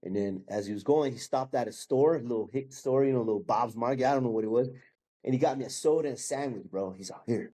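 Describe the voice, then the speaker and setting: A fast-talking man in his fifties, with a warm, mid-range voice, tells his testimony as a guest. His storytelling is relaxed, full of impressions of the people involved, with "bro" and "man" dropped throughout.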